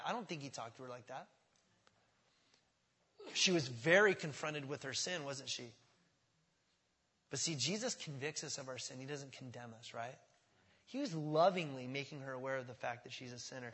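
In a large hall, a man with a high-leaning, husky, sharp-toned voice preaches a little fast. His pastoral sermon is conversational: he often checks on his listeners with "does that make sense?" and acts out the voices of quoted speakers.

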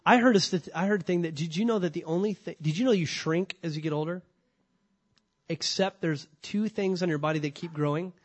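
Male pastor, higher voice, emphatic sermon delivery, lots of rhetorical questions and repetition. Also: brisk, husky. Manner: repeats key points for stress.

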